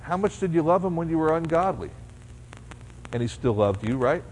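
A man's voice: a little high, animated, normal speed, long pauses, a little mellow. A man preaching a conversational sermon, asking rhetorical questions and voicing his listeners' imagined objections. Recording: faint hum, long reverb.

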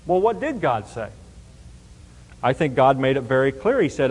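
A man's voice: medium pitch, sing-song, normal speed, in a large hall, poor audio. A man teaching a Bible passage verse by verse, emphatic and explanatory, often asking rhetorical questions.

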